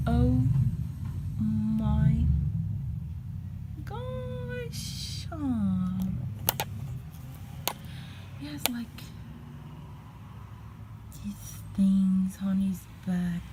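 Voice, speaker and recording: A young woman gushes excitedly over a new collectible, talking at a very slow, drawn-out pace and now and then sinking into a whisper. She is recorded on a phone, and steady room noise sits clearly behind her voice. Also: mid-range voice. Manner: gushing and excitable, drops into whispers at times. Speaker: vlogger unboxing a collectible figure. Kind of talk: casual unboxing chat. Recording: noisy room ambience behind.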